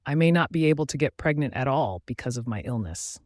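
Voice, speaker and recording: A man's voice: mid-range voice, lively intonation, brisk, a little mellow, no room sound, studio quality, lightly acted. A man voicing an anxious young heroine who pleads and frets in an audiobook romance. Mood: upset. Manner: emotional, pleading delivery.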